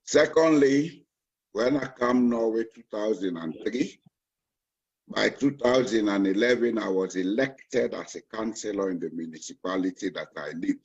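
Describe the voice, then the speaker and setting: A man in his sixties from Sierra Leone, with a Sierra Leonean accent, answering interview questions in a measured, self-assured way. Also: fairly low pitch, darkish tone, husky, muffled recording. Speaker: party chairman candidate.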